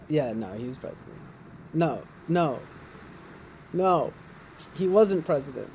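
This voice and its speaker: A man's voice: fairly high pitch, expressive, takes it slowly, pauses often, a little mellow, a little hiss or hum. Goofy, profane young man streaming. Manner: goofy and profane, laughing often, improvising silly raps. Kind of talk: rambling late-night stream chatter. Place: on a couch at home.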